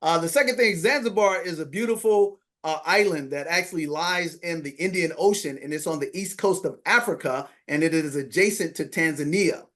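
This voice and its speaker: A man who is a podcast guest, telling a story in an animated way and acting out the dialogue. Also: fairly high pitch, normal speed, hardly any pauses. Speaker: podcast guest, money coach. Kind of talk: storytelling interview.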